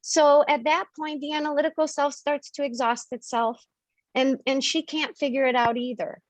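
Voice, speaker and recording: A woman's voice: sits high, fairly even intonation, moderate pace, no room sound. A woman hosting a spiritual members' call on video, explaining earnestly and acting out examples.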